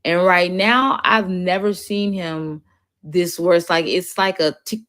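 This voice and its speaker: A woman's voice: on the low side, fairly even intonation, takes it slowly, a bit bright. A woman streamer giving casual, mocking commentary over a played clip, talking straight to her viewers.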